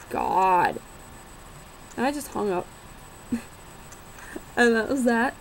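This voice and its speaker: A woman's voice: mid-range voice, expressive, slight background noise, rough recording. A young woman casually telling a personal story, rambling and swearing now and then. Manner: unhurried, rambling, swears and laughs while telling.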